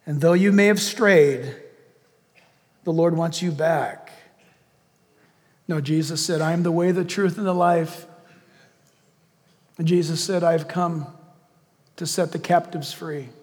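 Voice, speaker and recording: Slow, high-voiced preaching man. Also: big-room sound. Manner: animated, acts out villain lines in hushed voice. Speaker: pastor. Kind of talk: sermon with closing prayer.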